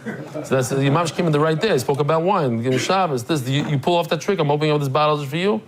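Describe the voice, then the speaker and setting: A man hosting a daily class, telling a story in a lively, joking way and acting out the people in it, then greeting guests in the room. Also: on the high side, fast talker, crowd noise. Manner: animated, jokey, acts out the people in his stories. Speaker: daily Talmud class teacher and host. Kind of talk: casual storytelling to a live class.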